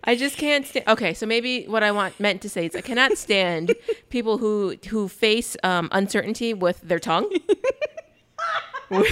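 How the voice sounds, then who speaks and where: A woman's voice: mid-range voice, a little slow. A woman casually recapping a film with a friend, joking and acting out little quoted reactions. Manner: animated, jokey, acts out quoted reactions. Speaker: podcast co-host. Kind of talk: casual movie recap chat.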